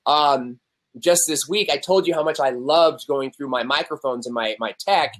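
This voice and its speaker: A man's voice: mid-range voice, normal speed, fairly bright tone. A young adult man, a podcast guest, talking candidly and animatedly in casual conversation and acting out the voices he quotes.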